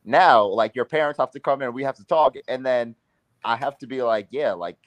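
A man's voice: medium pitch, fairly quick, no echo, highs cut off. A young man hosting a podcast, rambling through a profane story with lots of fillers. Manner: rambling, profane anecdote-telling with many fillers. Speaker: podcast host. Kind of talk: casual storytelling chat.

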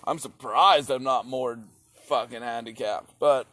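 A man's voice: medium pitch, unhurried, fairly bright tone, dry recording. A man talking in a rambling, profane philosophical monologue, repeating his phrases as he goes.

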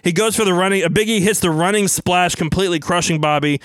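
A man casually narrating a wrestling storyline as brisk play-by-play. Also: sits high, fairly bright tone, dry recording.

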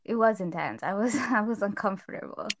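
A teenage girl casually chatting as she reviews a film, lively and full of retellings. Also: fairly quick, background noise. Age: teens. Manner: animated, acts out scenes in squeaky voices. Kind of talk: casual chat.

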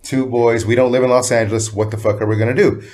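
A man telling a story with energy and plenty of swearing. His voice sits at an ordinary middle pitch. He speaks as a guest in a casual chat. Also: quick pace. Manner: lively, profane storyteller. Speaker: music producer guest.

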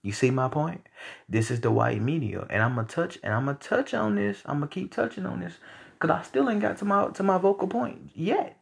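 A man's voice: on the high side, animated, moderate pace, vocal fry, husky. A young man hosting a podcast, ranting bluntly and heatedly with lots of profanity. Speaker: podcast host. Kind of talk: casual rant.

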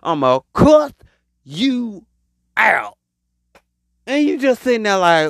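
Male advice vlogger, lively and repetitive, mocking tone, slightly high voice, dry close sound. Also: measured pace, pauses often, no room sound. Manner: animated, repetitive, rambling, mocking. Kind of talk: casual advice monologue.

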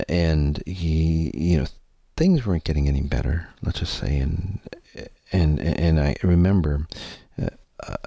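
Man, husky, dry close sound, earnest rambling storyteller, fillers and swearing. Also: a bass voice, dark tone, no echo. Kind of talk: candid personal story told to an audience.

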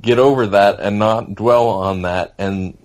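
A man co-hosting a casual podcast chat, grumbling and complaining with drawn-out emphasis. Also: fairly low pitch, fairly even intonation, a little mellow. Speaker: podcast co-host.

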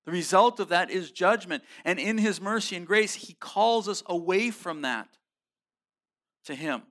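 Man, pastor, sermon, fairly high voice, casual slang, emphatic delivery. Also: expressive, unhurried, a bit bright. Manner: frequent restarts and repeated words.

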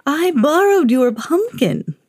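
Lady doing a dreamy old wizard guy, slow and breathy, half whispering, pitch swoops up high. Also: sing-song, darkish tone, no echo, studio quality, heavily acted. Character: dreamy forgetful old male wizard, nine hundred.

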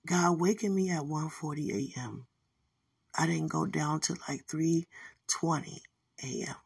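A woman sharing a spiritual testimony in a relaxed, rambling way, full of "you know"s and warm asides. Her voice is husky and her pace is unhurried. She sits a little back from the mic in a dry room. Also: deep voice, no echo, distant mic. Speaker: podcaster.

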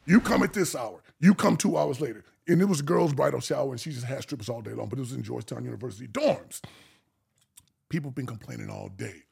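A man telling stories as a podcast guest in a casual, animated and slangy way. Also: medium pitch, fast, creaky, husky. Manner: animated, slangy, laughing storyteller. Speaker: guest, male stripper. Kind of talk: casual storytelling.

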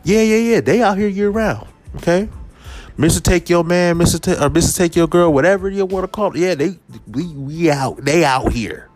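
Animated man ranting on a podcast. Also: normal speed. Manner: animated, swings pitch and volume, drops to a low put-on voice at times. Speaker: podcast host. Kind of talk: casual comedic rant.

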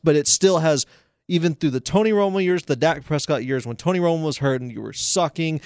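A young man co-hosting a sports podcast, excitable and quick to argue in casual chat. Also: on the high side, dry recording, studio quality. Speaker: podcast co-host.

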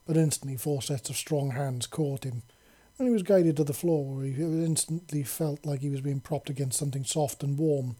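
A man reads a story aloud in a calm, even pace. His voice is dark and mellow, with a husky, breathy grain. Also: on the high side. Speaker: narrator.

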